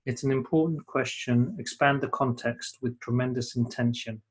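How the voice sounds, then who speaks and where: A male webinar co-host speaks live in a loose, animated, thinking-aloud way, full of restarts, and reads out audience comments. His voice is husky and medium-pitched, at a moderate pace.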